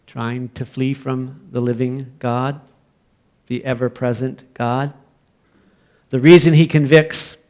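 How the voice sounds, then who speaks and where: A middle-aged man with a Canadian accent delivers a sermon. He moves from a relaxed storytelling tone to loud, emphatic preaching, and his voice sits in an ordinary middle pitch. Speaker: pastor.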